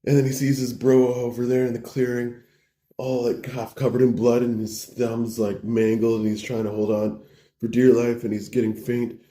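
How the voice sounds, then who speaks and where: A preacher telling a parable in a casual, slangy way, full of like and bro. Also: male voice, mid-range voice, flat delivery, normal speed, warm tone, slight background noise. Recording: roomy echo.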